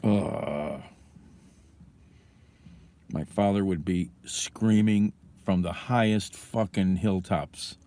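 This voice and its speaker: A man's voice: deep voice, extremely slow, creaky, long pauses, warm tone. A man hosting a casual livestream from his car, ranting angrily and swearing, then fumbling with his phone. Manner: angry, profane, ranting. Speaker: livestream host.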